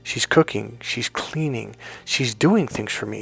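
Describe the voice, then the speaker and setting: Man, dating coach, storytelling monologue, jumps into a high voice to quote her, faint music bed. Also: measured pace, gravelly, slightly rough. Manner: animated storyteller, high-pitched when quoting his girlfriend.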